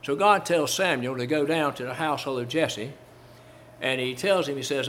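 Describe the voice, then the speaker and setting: Here a male Baptist preacher speaks at normal speed in a mid-range, somewhat bright voice, with a faint hiss or hum in the recording. Quoting King James scripture, he repeats phrases for emphasis and asks his audience rhetorical questions.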